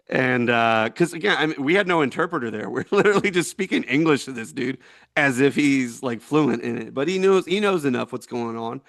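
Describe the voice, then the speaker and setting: A man's voice: medium pitch, moderate pace, vocal fry, fairly bright tone, dry recording, clean studio sound. A man in his forties, a veteran being interviewed, telling a story in a rambling, laughing way with many fillers. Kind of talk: casual storytelling.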